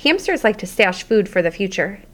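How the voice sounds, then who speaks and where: A woman narrating a children's audiobook in a lively, expressive storytelling manner. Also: medium pitch, fairly quick.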